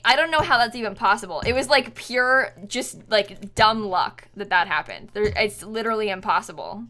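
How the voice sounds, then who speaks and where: A woman's voice: medium pitch, normal speed, few pauses, pushed and bright. A woman game streamer chatting casually with her viewers while she plays, chatty, giggly and self-deprecating. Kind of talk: casual livestream chat while playing.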